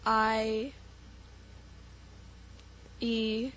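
A woman's voice: a little high, level tone, very slow, a bit bright, a little hiss or hum. A woman contestant in a spelling game, hesitant, spelling words out letter by letter. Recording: muffled lo-fi recording with faint room ambience.

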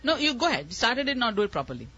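A woman's voice: a little high, sing-song, very fast, pushed and bright, soft background music. A woman running a live spelling contest as quizmaster, encouraging and explaining words patiently. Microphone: microphone. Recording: muffled lo-fi recording.

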